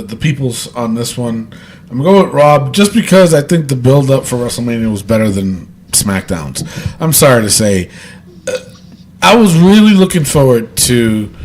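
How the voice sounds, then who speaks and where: A man co-hosting a casual wrestling podcast, easygoing and agreeable. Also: mid-range voice. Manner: laughs often, agreeable, slow drawl. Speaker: podcast co-host.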